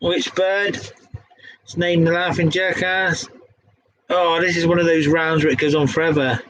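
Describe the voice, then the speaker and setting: A man's voice: a little high, level tone, moderate pace, fairly bright tone, poor audio. A young man with a Devon accent hosting a casual pub quiz, laughing and swearing as he stumbles over the questions. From England. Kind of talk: casual quiz-reading chat.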